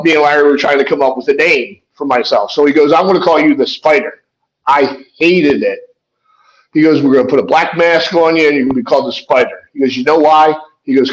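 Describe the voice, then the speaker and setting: A man guesting on a podcast, telling a wrestling story in a loose, rambling way. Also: medium pitch. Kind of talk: conversational storytelling. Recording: slightly dull lo-fi audio.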